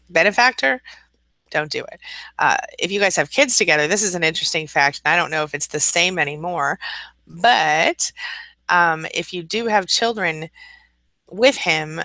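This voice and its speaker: Woman in her 40s hosting a casual live stream, bright tense voice, chatty and rambling, dry close sound. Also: deep voice, dry recording, rough recording. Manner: chatty and rambling, reads viewer comments aloud and answers them. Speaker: coach and live-stream host.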